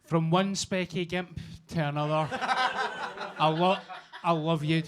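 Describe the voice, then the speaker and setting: A man hosting a comedy night, trading loud, sweary jokes with the crowd. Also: fairly high pitch, steady tone, measured pace. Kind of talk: introducing acts. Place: basement comedy club.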